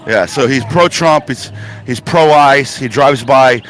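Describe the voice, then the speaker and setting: A man's voice: medium pitch, slow, a crowd in the background. Urgent blunt man reporting live on scene. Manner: urgent, emphatic, blunt and profane. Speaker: on-the-ground reporter. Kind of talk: live remote interview. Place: outdoors at a protest site.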